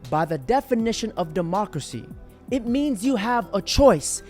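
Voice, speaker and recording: Woman commentator, dry and mocking, soft music under her. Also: medium pitch, expressive, moderate pace. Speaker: commentary host. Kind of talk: sarcastic commentary over clips.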